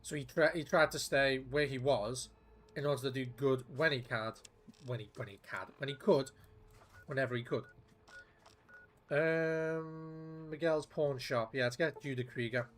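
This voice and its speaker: A man's voice: medium pitch, unhurried, a bit bright. A man streaming a video game, chatting casually in a rambling, profane way, with restarts. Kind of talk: casual gameplay commentary.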